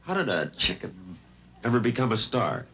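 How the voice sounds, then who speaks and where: A man hosting a TV talk show, questioning his guest in a dry, deadpan way. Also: medium pitch, normal speed.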